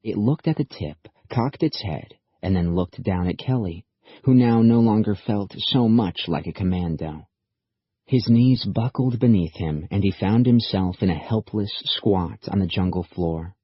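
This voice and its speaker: A male narrator reads an audiobook at a steady, measured pace, his voice deep and husky. The recording is dry and a little dull. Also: no echo. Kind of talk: scripted narration.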